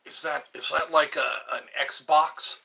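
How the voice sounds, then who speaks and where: A man's voice: a little high, steady tone, takes it slowly, gravelly, sharp tone. A middle-aged man hosting a livestream, rambling casually to young viewers from a phone on a tripod. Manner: rambling, chats to young viewers, drifts into song snippets. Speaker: livestream host.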